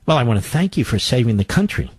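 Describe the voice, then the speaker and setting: A man mocking a syrupy, deferential male TV interviewer, speaking in a slow, gushing, lower voice. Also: very animated, breathy edge, no echo. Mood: fawning. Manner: slow, gushing, overly polite.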